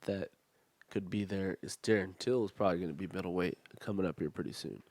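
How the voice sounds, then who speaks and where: Man, lowish voice, dry recording, slangy casual talk, agrees a lot. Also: fairly quick, a little mellow, no echo. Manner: slangy, agreeable, swears freely. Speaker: podcast co-host. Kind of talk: casual chat.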